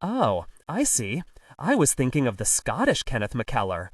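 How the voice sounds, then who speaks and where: A large college porter answers everything flatly and dryly, never ruffled, as a man reads him. His voice sits at a middle pitch in an audiobook reading. The sound is dry and a little distant from the mic. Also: moderate pace, slightly rough, no room sound. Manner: dry, deadpan.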